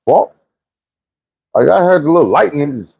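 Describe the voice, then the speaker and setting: A man's voice: a little high, lively intonation, a little slow, creaky, slightly rough, no echo, dull audio. A young man telling a profane, vivid personal story in a casual monologue. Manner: vivid, profane retelling with shouted quotes.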